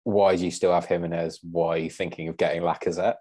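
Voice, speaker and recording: A man as a guest on a casual podcast, measured and thinking aloud. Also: low-pitched, little pitch movement, dark tone.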